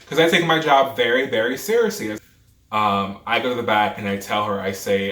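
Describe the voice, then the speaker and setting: A man's voice: mid-range voice, moderate pace, fairly bright tone, far from the mic. A man in his twenties animatedly retelling a true story, dramatic and full of asides. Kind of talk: storytime vlog. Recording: roomy echo, off-mic, faint music.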